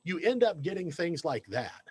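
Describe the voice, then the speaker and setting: A man who works as a radio DJ and news director, guesting on a podcast and telling self-deprecating stories in a lively, casual way. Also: a little high, moderate pace, husky. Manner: animated anecdote teller, self-deprecating.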